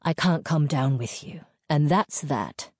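A woman's voice: deep voice, slow pace, breathy edge, no room sound, exaggerated voice. A woman voicing a man in his late thirties, a mining engineer who talks in a dry, clipped, dismissive way. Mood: firm.

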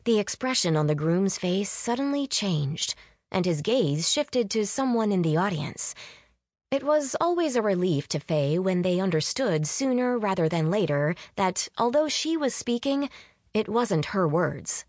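A woman's voice: medium pitch, measured pace, dry recording. Woman narrating a story, dry sound. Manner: expressive reading, voices characters with lively lift. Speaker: audiobook narrator. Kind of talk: scripted narration.

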